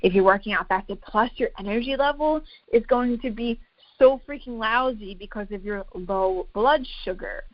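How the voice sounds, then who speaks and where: A woman's voice: mid-range voice, normal speed, no echo, highs cut off. A woman fitness coach giving a casual, chatty talk to an online group, emphatic and full of filler words.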